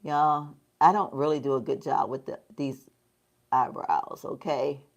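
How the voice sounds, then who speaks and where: A woman with a Southern US accent chatting casually to her viewers while she does her makeup, folksy and quick to laugh. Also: very deep voice, steady tone, vocal fry, dull audio. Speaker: lifestyle vlogger.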